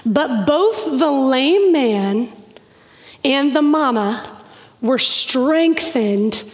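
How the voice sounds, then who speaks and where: A woman pastor preaching a sermon, telling stories with slow emphatic pauses and quick lively bursts. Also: high-pitched. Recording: long hall reverb.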